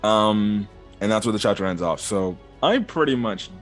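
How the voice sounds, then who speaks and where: A man retelling a comic chapter in casual video commentary, rambling with lots of fillers and quick voiced quotes. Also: on the low side, animated, soft background music. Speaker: manga reviewer.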